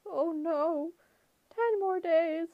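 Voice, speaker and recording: A woman voicing a nervous satyr boy who puts on a shrill falsetto, fluttering and placating. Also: drawn-out words, no room sound, muffled recording, exaggerated voice. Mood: nervous coy. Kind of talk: audiobook character voice.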